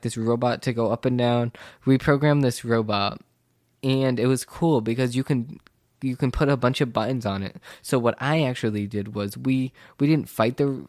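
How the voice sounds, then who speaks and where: A man's voice: mid-range voice, a little mellow, no room sound, clean studio sound. Rambling teen boy telling a school story. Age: teens. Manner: rambling, quotes people with "I was like"; self-described sensitive. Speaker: vlogger. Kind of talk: casual storytime.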